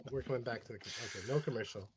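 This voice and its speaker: Wisecracking Canadian co-host. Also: male voice, medium pitch, rapid-fire, a crowd in the background. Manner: dry wisecracks and short affirmations. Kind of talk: casual live-stream banter.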